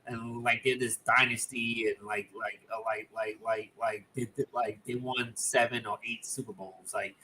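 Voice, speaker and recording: A young man co-hosting a casual sports talk livestream, halting and stammering with many restarts. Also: mid-range voice, level tone, sharp tone, slight background noise, rough recording.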